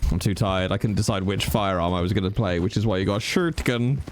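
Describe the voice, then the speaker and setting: A man's voice: lowish voice, fairly quick, background noise. A man streaming a role-play game, chatting casually with his viewers and swearing now and then. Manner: chatty, reads chat aloud, swears casually.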